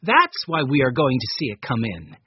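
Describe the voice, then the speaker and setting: A man's voice: mid-range voice, big pitch swings, normal speed, breathy edge, no room sound. A man reading a storybook, voicing a practical, matter-of-fact girl. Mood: knowing. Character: sensible, practical older girl. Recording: dull lo-fi dry recording.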